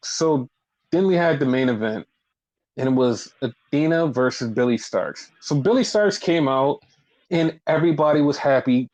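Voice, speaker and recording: A man with a slightly high voice talks loosely on a wrestling podcast. He rambles, swears freely and acts out his own baffled reactions. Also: a little slow, low-quality recording. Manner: rambling, swears often, animated retellings. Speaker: podcast co-host. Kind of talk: casual wrestling chat.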